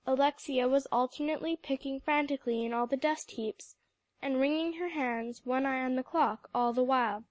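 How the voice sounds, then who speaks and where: A woman reading a classic children's novel aloud in clear, even storytelling narration. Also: sits high, moderate pace, no echo. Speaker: audiobook narrator. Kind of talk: scripted narration.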